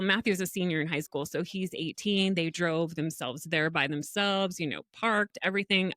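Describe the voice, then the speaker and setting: A woman's voice: lowish voice, no room sound, studio quality. Middle-aged woman telling stories animatedly. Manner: animated storytelling with frequent laughs. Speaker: podcast co-host. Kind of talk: casual chat.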